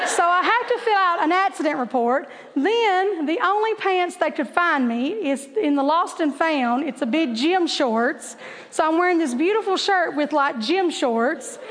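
A woman, a teacher, telling a humorous personal story to an audience in an animated, laughing way, acting out the voices of the people in it. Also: very high voice. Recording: long hall reverb.

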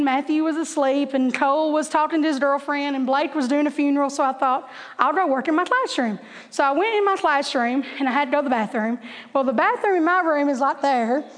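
High-voiced woman telling a funny story. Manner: animated, laughing, acts out voices in quotes. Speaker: teacher telling a story to an audience. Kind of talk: humorous personal storytelling. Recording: long hall reverb.

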